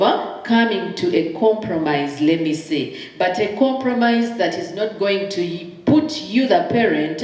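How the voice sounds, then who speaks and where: A woman's voice: lowish voice, darkish tone. A middle-aged woman, a counseling psychologist giving emphatic parenting advice and acting out little dialogues. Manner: emphatic, acts out short dialogues. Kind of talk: conversational advice talk. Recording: very echoey room.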